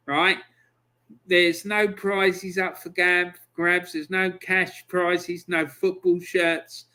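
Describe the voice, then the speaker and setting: Slow-talking bright-voiced man. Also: on the high side. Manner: chatty, exasperated, banter-laden. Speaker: football channel host. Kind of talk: solo football review talk.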